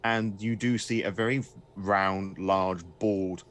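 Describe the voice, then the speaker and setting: A man's voice: deep voice, steady tone, takes it slowly, fairly bright tone, slight background noise. A man narrating a tabletop game as game master, hesitant and full of fillers.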